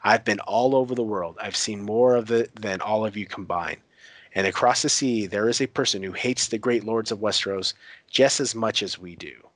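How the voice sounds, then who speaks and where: A man puts on a brash older pirate who mocks everyone around him, drawling crude insults at an easy pace. The voice sits low and close, with no room sound around it. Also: dry recording, lightly acted. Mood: mocking. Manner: taunting, crude, unhurried. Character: brash mocking older male pirate uncle. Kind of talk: retelling a TV scene with voices.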